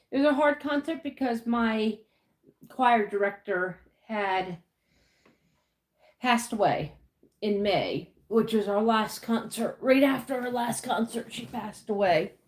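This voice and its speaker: A woman's voice: a little high, roomy sound. A woman hosting a casual livestream from the United States, greeting viewers by name and chatting about her week. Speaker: livestream host. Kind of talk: casual live chat.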